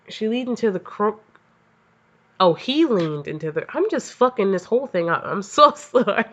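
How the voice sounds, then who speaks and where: A woman's voice: mid-range voice, a bit bright. A woman hosting a comedic fan fiction reading, stumbling over the text and breaking off into profane, self-mocking asides. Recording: slightly dull lo-fi audio.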